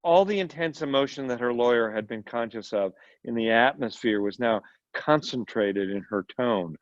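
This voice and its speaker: A man's voice: mid-range voice, lively intonation, normal speed, dry recording. Male volunteer reader, story reading, small slips, dry close sound, muffled audio. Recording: dull lo-fi recording.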